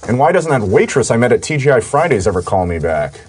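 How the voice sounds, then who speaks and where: A man's voice: medium pitch, sing-song, fast, a little hiss or hum. A man co-hosting a comedy podcast, reluctantly reading out jokes with hesitant uhs. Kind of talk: casual comedy podcast banter.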